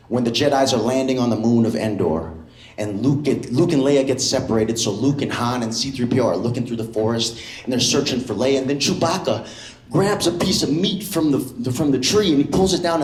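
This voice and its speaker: A man doing a stand-up comedy set in a comedy club, animated and jumping into loud impressions. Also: mid-range voice, reverberant, slight background noise.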